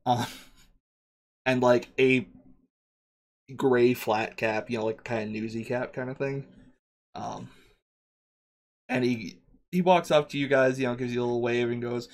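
A man's voice: medium pitch, fairly even intonation, unhurried, pauses often. Laid-back man game-mastering. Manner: casual, laughing, filler-heavy. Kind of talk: narrating a tabletop game.

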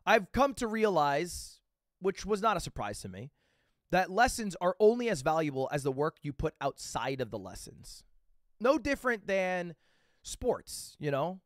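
A man's voice: high voice, dry recording, studio quality. A man telling a live chat a rambling, casual anecdote, swearing freely and checking in with "okay?" and "right?" as he goes. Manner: casual and profane. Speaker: livestreamer.

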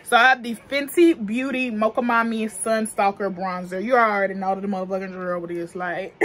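In a medium-pitched, fairly bright voice with fairly even intonation, a young adult woman briskly reviews makeup for her casual vlog. She uses African American Vernacular English and is chatty, slangy and profane, laughing frequently, with slight background noise behind her.

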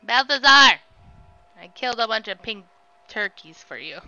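A woman's voice: on the high side, normal speed, clear, resonant tone, dry recording, dull audio. A woman streaming a video game, commenting live and yelping when she gets scared, on a desk microphone. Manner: excitable, shrieks and yelps when scared.

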